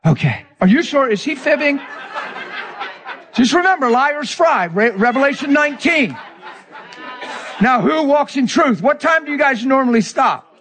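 A man, a pastor, preaching with animated, emotional storytelling that swings between hushed asides and near-cries. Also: very high-pitched, moderate pace, long pauses, some chatter behind, a little hiss or hum.

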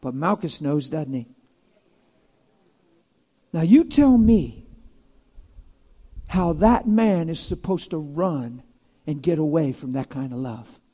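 High-voiced, emphatic male preacher. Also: takes it slowly, long pauses, husky. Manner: animated, emphatic, swings between loud and hushed. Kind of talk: sermon.

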